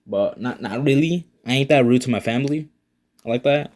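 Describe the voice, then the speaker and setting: A man's voice: mid-range voice, moderate pace. A young man, still a student, casually telling a personal story in a laid-back, slangy way, swearing often and filling gaps with "like". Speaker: storyteller, channel owner.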